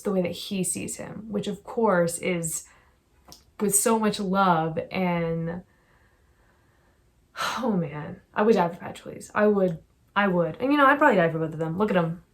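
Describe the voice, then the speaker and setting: A young woman chatting casually about her favorite books, gushing and rambling with effusive enthusiasm. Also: mid-range voice. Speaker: book vlogger. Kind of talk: casual book review chat.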